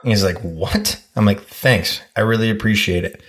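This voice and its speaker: A man co-hosting a podcast, calmly telling stories and acting out what people said, with kids at home. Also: lowish voice, a little fast. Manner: calm, storytelling, acts out quotes. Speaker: podcast co-host. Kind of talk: casual chat.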